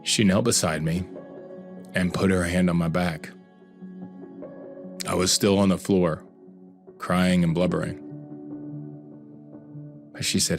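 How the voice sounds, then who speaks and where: A man's voice: sits low, steady tone, slow pace, gravelly, pauses often, over music. A man hosting a podcast, narrating a personal story in an earnest, reflective and heartfelt way. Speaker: podcast host.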